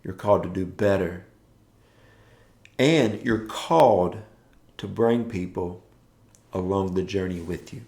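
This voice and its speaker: A man's voice: low-pitched, takes it slowly, pauses often, dark tone, reverberant. A man preaching a morning devotional, exhorting his listeners with repeated declarations, tired from rising early.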